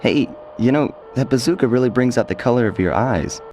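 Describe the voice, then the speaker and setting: An actor playing a smooth-talking male raccoon master thief in video game dialogue, slick and naturalistic. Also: mid-range voice, animated, a little fast, mellow, dull audio, a little hiss or hum, natural voice. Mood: flirtatious.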